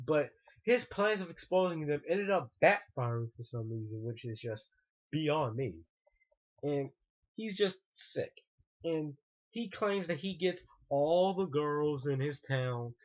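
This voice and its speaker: A man ranting indignantly in a vlog monologue, repeating himself and restarting sentences. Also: medium pitch. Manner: indignant, repetitive, frequent restarts. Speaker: online ranter. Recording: muffled lo-fi recording.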